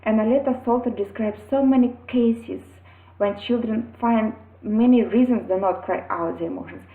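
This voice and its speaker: A woman speaking earnestly about her own parenting, in a halting way with pauses and restarts. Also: fairly high pitch. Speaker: mother sharing parenting experience. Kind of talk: earnest personal talk to camera. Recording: tinny phone-like sound in an echoey room.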